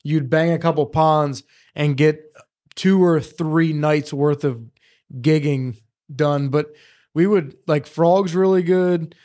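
A man telling hunting stories in casual studio chat, profane and animated. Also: fairly high pitch, slow pace. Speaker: podcast co-host.

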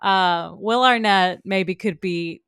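A woman's voice: medium pitch, a bit bright, smooth, dry recording, clean studio sound. A woman co-hosting a casual pop culture podcast, gushing and laughing easily as she recommends shows. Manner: bubbly, gushing, quick laughs. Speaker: podcast co-host.

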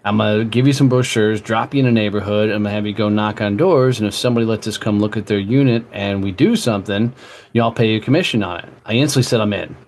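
Blunt, gravelly-voiced man telling stories. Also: on the low side, fast, slight background noise. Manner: blunt, profane, animated storyteller. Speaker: guest, entrepreneur. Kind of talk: casual interview storytelling.

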